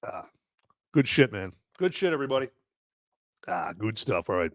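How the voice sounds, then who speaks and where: Guy hosting a live podcast show: loose, profane, swooping pitch, dry close sound. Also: moderate pace, dry recording. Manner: animated and profane, bantering with chat. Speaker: podcast host. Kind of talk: casual live-stream chat.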